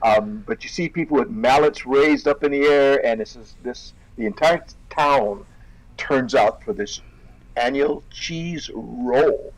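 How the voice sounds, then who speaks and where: A man's voice: mid-range voice, measured pace, rough recording. A man co-hosting a casual chat, rambling with fillers and laughing as he comments on videos. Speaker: co-host.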